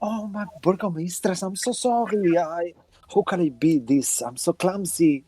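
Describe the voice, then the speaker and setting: A man's voice: high-pitched, measured pace, dark tone, dry recording, voice pushed up. A man voicing a clumsy, jealous townswoman who stammers apologies in a gushing, flustered way.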